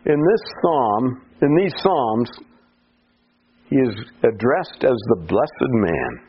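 A man preaching a sermon slowly and deliberately, his voice climbing to pleading cries when he quotes the psalms. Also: medium pitch, sing-song, husky, dull audio.

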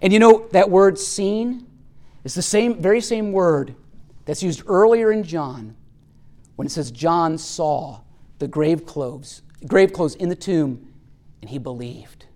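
A man preaching a sermon as pastor, reading a long quote with rising fervor and dropping to hushed lines. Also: fairly high pitch, slow pace. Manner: preaching with dramatic swells and hushed drops.

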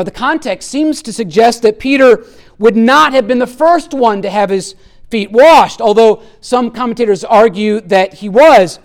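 Earnest man preaching a sermon. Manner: earnest, emphatic, voice drops low and soft at key points. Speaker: pastor.

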